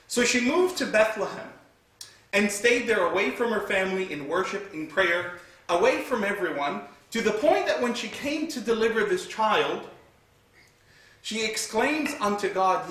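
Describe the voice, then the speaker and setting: Bright-voiced man lecturing in an echoey hall. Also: sits high, lively intonation, moderate pace, recorded from a distance. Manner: retells scripture vividly, reciting Arabic verses between English. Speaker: Islamic teacher. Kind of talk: religious lecture.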